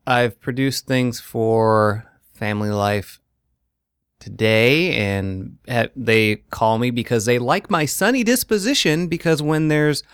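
A male voiceover actor speaking earnestly as a guest in a casual interview, in quick bursts. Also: medium pitch, fairly bright tone, smooth, no echo, studio quality.

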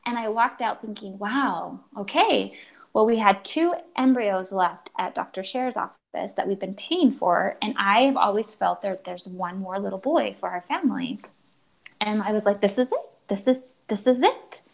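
A woman's voice: medium pitch, moderate pace, gravelly, rough recording. Earnest woman telling a personal story. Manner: earnest, acts out quoted dialogue, frequent restarts. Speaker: guest telling her story.

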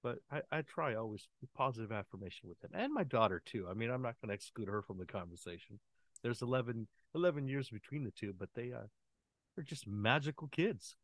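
An earnest man in his forties, talking as a guest in a relaxed, heartfelt interview. His voice moves a lot, rising and falling as he acts out what he says to his kids. The sound is close and dry, with no room around it. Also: mid-range voice, brisk, no room sound. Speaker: podcast guest. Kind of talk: casual heartfelt interview conversation.

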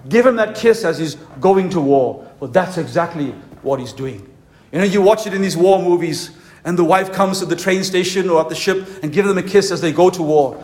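A man preaching a fervent conference sermon as a pastor, with slow, emphatic, stressed phrases. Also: high voice. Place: conference hall.

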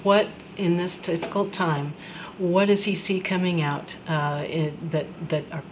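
Low-voiced woman co-host. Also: steady tone, a little slow. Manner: short affirmations, brief framing remarks. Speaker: podcast co-host. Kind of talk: casual chat. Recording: faint background noise.

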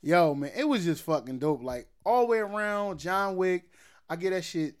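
A young man co-hosting a podcast, chatting about a movie in animated, slangy, profane talk. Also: high-pitched, normal speed, clear, resonant tone. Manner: animated, slangy, swears freely. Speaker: podcast co-host. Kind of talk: casual movie chat.

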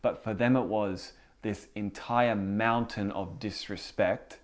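A man's voice: fairly low pitch, fairly even intonation, slow. A young man in his twenties giving a casual spoken teaching as a youth pastor, talking in a conversational way with frequent fillers and repeated words.

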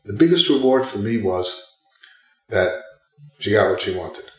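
At a measured pace and in a lowish voice, a former teacher being interviewed as a guest recounts a story, playing both sides of every exchange with animation. The recording is low-quality and roomy.

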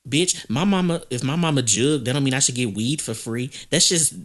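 A man's voice: mid-range voice, brisk. A man co-hosting a podcast in casual chat, sassy and profane. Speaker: podcast co-host.

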